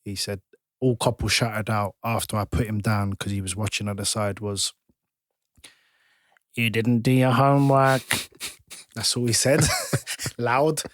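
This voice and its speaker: Man, fairly low voice, dry close sound, casual storytelling, animated and halting. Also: no room sound. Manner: animated, halting with restarts and trailing off. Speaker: podcast guest, former footballer.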